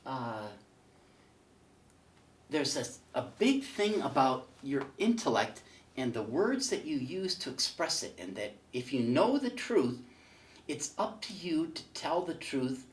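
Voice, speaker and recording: A man's voice: mid-range voice, echoey room. A man teaching a catechism class in a casual, folksy way, telling a joke and then making his points. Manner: storytelling, folksy, with fillers. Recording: voice picked up from a distance.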